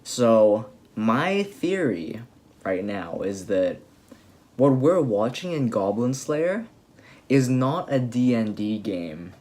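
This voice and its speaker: A young man casually recapping an anime episode, rambling and excitable with lots of fillers and restarts. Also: mid-range voice, takes it slowly, slight background noise. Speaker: anime reviewer.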